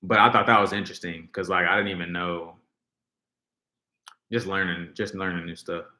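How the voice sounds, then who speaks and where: A man's voice: deep voice, steady tone, moderate pace, pushed and bright, reverberant. A man hosting a casual livestream, rambling and reading viewers' comments aloud as he talks. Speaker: livestream host.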